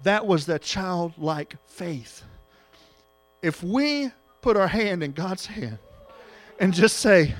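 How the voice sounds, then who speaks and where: Emotional preacher man, high voice. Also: lively intonation, unhurried, faint music behind. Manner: emotional, swings from loud exhortation to hushed tenderness. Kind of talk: sermon.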